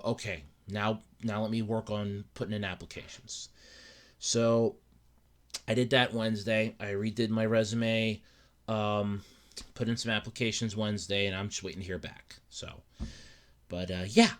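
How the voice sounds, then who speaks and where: A young man hosts a casual solo podcast in a lowish, slightly bright voice at a moderate pace. He sounds upset and dejected, rambling, stumbling over and repeating words, and acting out his own thoughts.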